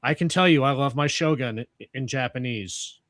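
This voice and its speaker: A man's voice: medium pitch, moderate pace, fairly bright tone, dry recording. A man hosting a casual chat, rambling and joking with the odd curse word.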